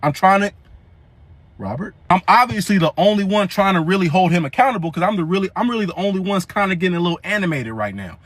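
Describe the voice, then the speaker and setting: High-voiced animated young man storyteller. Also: quick pace, no room sound. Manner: animated, slangy, rambling with restarts. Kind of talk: comedic storytelling to camera.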